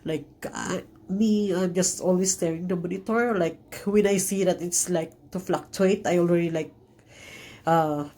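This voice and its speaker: Low-voiced woman telling a personal story. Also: steady tone, dark tone. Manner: halting, many fillers and restarts; earnest, emotional. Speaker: vlogger.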